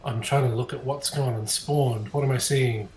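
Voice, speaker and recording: A man's voice: mid-range voice, steady tone, normal speed, darkish tone, recorded from a distance, faint music behind. A man playing a tabletop game, eagerly asking what he sees and declaring attacks. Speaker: player. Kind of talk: casual tabletop play. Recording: roomy room echo.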